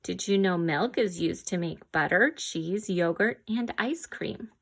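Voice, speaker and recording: A woman reads a children's farm-animal picture book aloud at an unhurried pace. She pauses to quiz the listener and makes playful animal noises, and a slight gravelly fry runs through her voice. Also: lowish voice. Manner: slow, gentle read-aloud with animal sounds and quiz questions. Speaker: reader.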